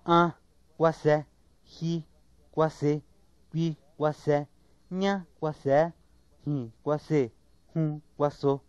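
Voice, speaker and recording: A man slowly and carefully reading out a word list in a measured, repetitive way. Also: fairly high pitch, steady tone, darkish tone, no room sound. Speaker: native speaker recording word list. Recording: dull lo-fi 1990s tape, dry.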